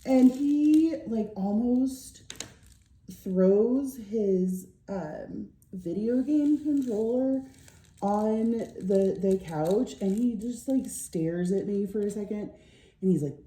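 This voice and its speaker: A woman's voice: medium pitch, animated, takes it slowly, mellow, echoey room. A middle-aged woman vlogger telling a rambling story while crafting, tired and yawning, with lots of fillers. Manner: rambling, chatty, with many fillers.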